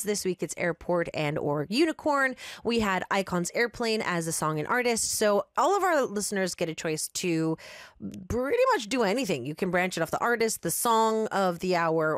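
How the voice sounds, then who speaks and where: A woman's voice: medium pitch, no room sound, studio quality. A woman radio host talking casually in an upbeat, chatty way and reading a listener's story aloud.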